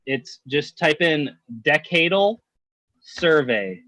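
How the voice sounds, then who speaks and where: A man with a fairly high voice riffs in loose, laughing podcast banter, cursing freely as he goes. His voice is close and dry, with no room sound around it. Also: lively intonation, slow pace, sharp tone, no room sound. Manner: laughing, swearing, jokey banter. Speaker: podcast co-host. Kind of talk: casual chat.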